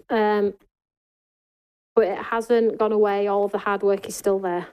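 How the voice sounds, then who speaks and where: A woman hosts a live papercraft demonstration from an indoor studio. She talks chattily and directly to her viewers, narrating each step as she goes. Her voice sits at an ordinary middle pitch for a woman. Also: a little mellow, smooth. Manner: chatty, talks to viewers and reads their comments. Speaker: craft show host.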